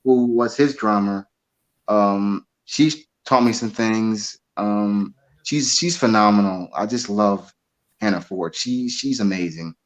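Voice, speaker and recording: A man in his twenties, a drummer, telling stories in a casual interview, animated and repeating his words. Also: lowish voice, slow pace, rough recording. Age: 20s. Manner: animated storyteller, repeats words, acts out quoted voices. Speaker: drummer and guest.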